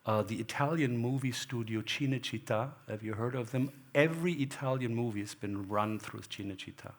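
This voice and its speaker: A man's voice: mid-range voice, fairly quick. A man, a guest photographer on stage, talking in a rambling, anecdotal way and acting out remembered exchanges. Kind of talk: onstage talk. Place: gallery hall before an audience.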